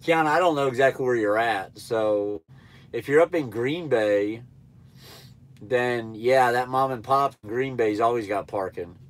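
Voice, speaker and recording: A man with a stuffy nose talks at a measured pace in a nasal, mid-pitched voice. He's a truck driver trainer on a livestream, casually answering viewers in a laid-back, rambling, blunt way.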